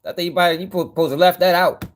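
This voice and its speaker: A man's voice: high voice, fairly even intonation, rapid-fire. A man hosting a gossip news channel, commenting on clips in a laid-back, slangy, amused way.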